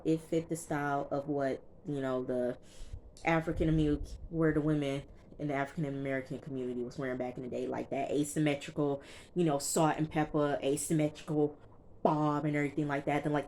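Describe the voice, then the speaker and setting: A woman's voice: deep voice, a little hiss or hum. Chatty woman recapping a TV show. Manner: chatty and animated, keeps checking in with listeners. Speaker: TV reviewer. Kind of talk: casual episode recap.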